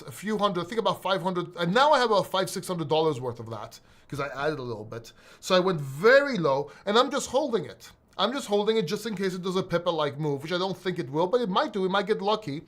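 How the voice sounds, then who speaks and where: A middle-aged man from Greece, a crypto video host, talking casually and bluntly, swearing and rambling with restarts. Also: sits high. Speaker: crypto YouTuber. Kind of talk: casual solo video talk.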